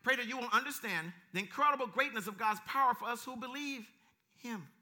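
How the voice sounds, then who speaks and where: A man preaching with a strikingly high voice. His tone is bright and sharp. He delivers emphatic, repetitive lines and quotes scripture. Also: fairly quick. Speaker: pastor. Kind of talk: sermon.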